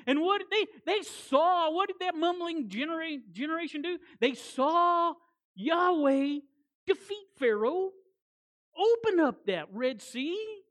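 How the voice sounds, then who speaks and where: A woman preaching a sermon as guest preacher, animated, repeating words for emphasis, with conversational folksy asides. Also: very high-pitched.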